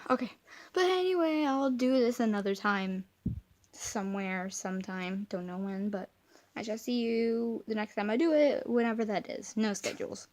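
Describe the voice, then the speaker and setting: A woman's voice: a little high, normal speed, darkish tone. A young woman rambling in a goofy, mock-dramatic way while filming her dog outdoors. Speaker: vlogger. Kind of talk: casual rambling vlog commentary.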